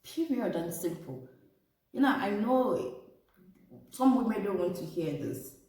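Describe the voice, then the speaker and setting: A woman vlogger telling a personal story and giving relationship advice straight to her viewers, animated and talking to them as "ladies". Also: mid-range voice, unhurried. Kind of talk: casual storytelling to camera. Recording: echoey room, distant from mic.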